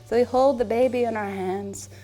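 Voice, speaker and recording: A woman's voice: on the high side, fairly even intonation, moderate pace, mellow, soft background music. Chatty, playful woman yoga instructor. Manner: chatty, playful and joking while guiding poses. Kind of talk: guided yoga class.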